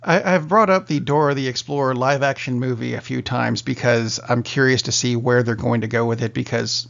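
A middle-aged man hosts a relaxed podcast conversation with a gravelly, fry-tinged voice. He talks slowly and wryly as he steers toward the next topic. The recording sounds a little dull and lo-fi. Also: mid-range voice. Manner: slow, wry, leads the topics. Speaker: podcast host. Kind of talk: casual chat.

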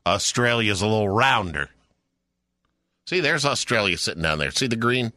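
A male radio co-host talks in casual, chatty banter with a very bright, cutting tone. His pitch moves up and down as he riffs, and he laughs easily. The studio sound is dry, with faint music in the background. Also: expressive, moderate pace, no room sound.

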